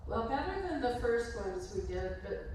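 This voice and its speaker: A woman's voice: a little high, big pitch swings, moderate pace, a little mellow. A woman coaching a dressage riding lesson, calling out instructions and encouraging praise. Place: riding arena. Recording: echoey, distant, noisy. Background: horse hoofbeats.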